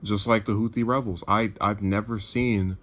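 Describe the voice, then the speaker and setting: Low, flat-voiced male political commentator. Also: moderate pace. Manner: sardonic, digressive, with frequent restarts. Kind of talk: reading news and commenting.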